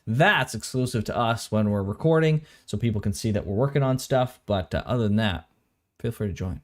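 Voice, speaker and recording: A man's voice: fairly low pitch, expressive, fairly quick. A man co-hosting an anime reaction stream, talking loosely and casually, with easy swearing and rambling sentences. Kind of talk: casual chat. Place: home recording room.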